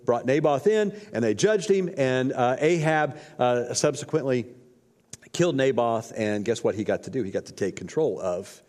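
A man's voice: medium pitch, lively intonation, normal speed, darkish tone. A man preaching a sermon, retelling scripture in a casual, slangy storytelling way. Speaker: pastor. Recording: long hall reverb.

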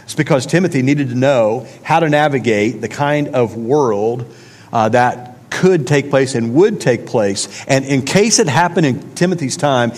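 A man preaching a conversational sermon with emphatic repetition. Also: medium pitch. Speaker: pastor. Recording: long reverb of a large hall.

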